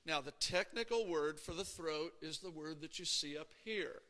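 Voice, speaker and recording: A man's voice: a little high, moderate pace, pushed and bright. A man teaching an anatomy class in a conversational lecture style, checking in with the students often. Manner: conversational, checks in with frequent "okay?" and "right?". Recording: reverberant lecture hall.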